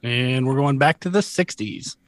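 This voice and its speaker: A man's voice: medium pitch, normal speed. Co-host guy, plain mid voice, dry little quips. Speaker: quiz co-host. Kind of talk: casual quiz show banter.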